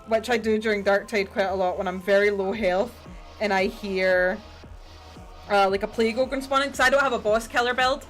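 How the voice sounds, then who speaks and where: A woman's voice: medium pitch, fairly even intonation, a little fast, faint music behind. A middle-aged woman, rambling in a casual chat while she paints on a livestream and swearing freely. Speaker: streamer.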